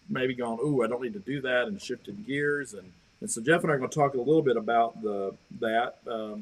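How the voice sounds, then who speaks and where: Husky-voiced man leading a Bible study. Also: mid-range voice, rough recording. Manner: warm, teasing, guiding questions. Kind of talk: casual livestream discussion.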